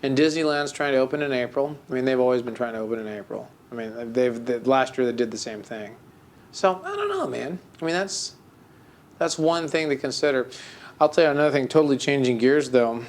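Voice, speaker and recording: A man's voice: medium pitch, a little fast, slight background noise. A man co-hosting a podcast, chatting casually and telling a story with mock melancholy, full of fillers and restarts. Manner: rambling, with many fillers and restarts. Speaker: podcast co-host. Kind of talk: casual chat.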